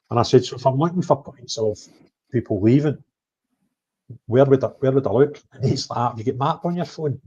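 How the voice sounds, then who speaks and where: A man telling of his travels in an animated livestream chat, blunt, swinging between loud outbursts and low mutters. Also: breathy edge. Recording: dull lo-fi stream audio.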